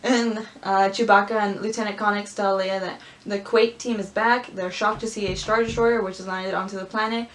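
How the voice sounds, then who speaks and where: A woman vlogger reading aloud and chatting casually, gushing and squealing with excitement. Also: mid-range voice, normal speed, hardly any pauses. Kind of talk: casual script-reading commentary.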